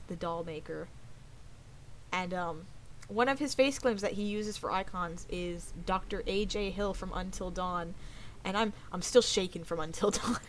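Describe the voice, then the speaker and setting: In a low-quality recording with a little hiss or hum, a young woman's medium-pitched voice carries casual chatter while she streams a game. She swears often and occasionally slips into whispering during this let's-play.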